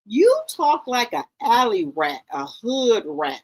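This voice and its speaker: Woman commentary host, exasperated and scolding, highish and very animated delivery. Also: slow pace, few pauses, rough recording. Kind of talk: reaction commentary.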